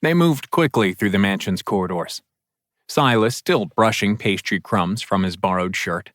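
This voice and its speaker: A man narrating a fantasy audiobook in a steady, descriptive read. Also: on the low side, moderate pace, dry recording, clean studio sound. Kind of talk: scripted narration.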